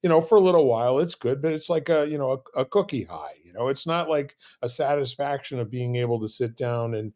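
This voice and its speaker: A man's voice: medium pitch, lively intonation, brisk, few pauses, darkish tone. A man hosting a casual interview, paraphrasing his guest's answers thoughtfully and adding light jokes. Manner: reflective, paraphrasing, joking. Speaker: interviewer, host.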